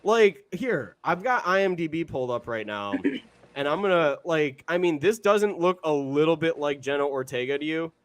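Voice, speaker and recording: A man co-hosting a horror podcast, talking in a rambling, animated way and swearing often. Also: fairly high pitch, normal speed, clean tone. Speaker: podcast co-host. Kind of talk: casual chat.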